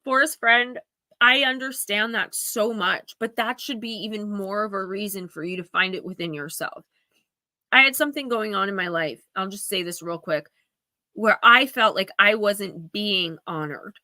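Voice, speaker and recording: A woman reads oracle cards live for her viewers, speaking earnestly and with emphasis as she confides in them. Her voice is bright and forceful, and the recording is dry and close. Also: medium pitch, dry recording. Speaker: oracle card reader hosting a live stream. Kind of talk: live-stream card reading, heartfelt advice.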